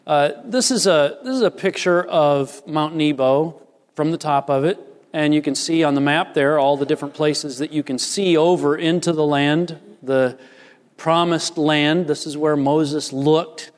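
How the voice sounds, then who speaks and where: Earnest preacher with high-set voice, echoey hall. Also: male voice, unhurried. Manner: earnest, emphatic preaching with varied pace. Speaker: pastor. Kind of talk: sermon with scripture reading.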